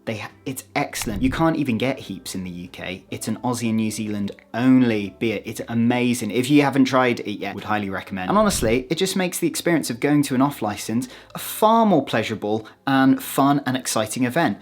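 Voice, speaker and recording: A British-accented man chats casually to his audience, tossing in playful, self-deprecating asides. His voice sits at an ordinary middle pitch. Soft music plays quietly underneath. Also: lively intonation, brisk, few pauses. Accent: British English. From United Kingdom. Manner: chatty, jokey self-mocking asides. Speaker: vlogger. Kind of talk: casual talk to camera.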